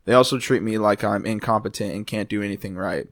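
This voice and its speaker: A young man co-hosting a casual podcast who jokes around and reads a post aloud haltingly, stumbling over the words. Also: lowish voice, steady tone, no echo, clean studio sound. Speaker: podcast co-host. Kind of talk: casual chat, reading posts aloud.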